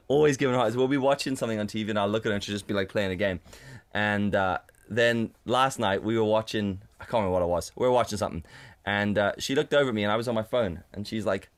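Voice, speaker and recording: Animated, swearing podcast co-host man. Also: on the low side, fast talker. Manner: animated, swears often, mimics his partner in a raised voice. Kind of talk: casual storytelling chat. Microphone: condenser studio mic.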